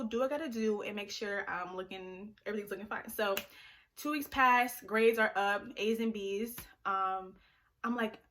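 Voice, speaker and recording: A teenage girl telling a storytime vlog in a chatty, animated way, full of fillers and acted-out quotes. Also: on the high side. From Liberian family. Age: teens. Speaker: vlogger.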